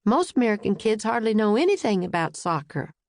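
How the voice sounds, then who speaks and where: A woman's voice: mid-range voice, big pitch swings, a little fast, vocal fry, darkish tone, dry recording, studio quality, voice pushed up. A woman voicing a friendly adult male embassy guard with a Southern US accent and an easygoing drawl.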